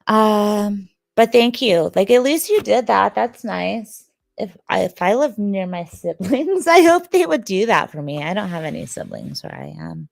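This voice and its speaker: A woman's voice: mid-range voice, big pitch swings, unhurried, creaky, no echo. A sleepy woman, hosting a livestream and chatting casually with viewers, rambling and joking. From Detroit, Michigan, USA. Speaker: livestream host.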